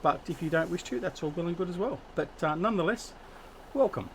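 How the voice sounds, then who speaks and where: A slightly high, expressive male voice speaks briskly as an Australian host chats with his gaming livestream audience. He greets people by name and jokes about himself, with slight background noise present.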